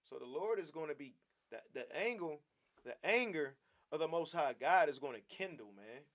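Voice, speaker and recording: A man preaching a Bible lesson with a somewhat high voice. He hammers his points with repeated phrases and speaks straight to his listeners, calling them "man" as he goes. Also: lively intonation, normal speed, a bit bright. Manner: emphatic, repetitive, calls listeners "man". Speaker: class teacher.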